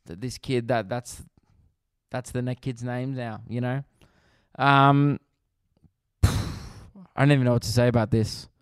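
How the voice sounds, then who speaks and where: An Australian man riffing through a comedic podcast monologue with a smooth, resonant voice. He rants in an animated, exasperated way and swears freely. The sound is close and dry, with no room around it. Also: medium pitch, measured pace, long pauses, dry recording. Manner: animated, profane, exasperated ranting.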